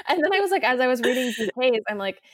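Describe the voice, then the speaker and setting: A young woman co-hosting a podcast in casual chat, animated and playfully dramatic. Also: sits high, dry recording, clean studio sound. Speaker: podcast co-host.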